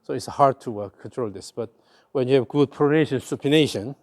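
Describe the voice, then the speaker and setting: A man's voice: medium pitch, fairly quick, darkish tone. A man with a Korean accent giving hands-on golf swing coaching, repeating short cues in rhythm as his student swings.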